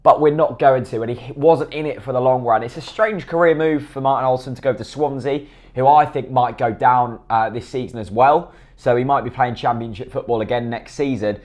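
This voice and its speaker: A man's voice: mid-range voice, a little fast, few pauses, a little mellow. A man giving blunt, opinionated football commentary to camera, often asking and then answering his own questions. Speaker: football fan vlogger.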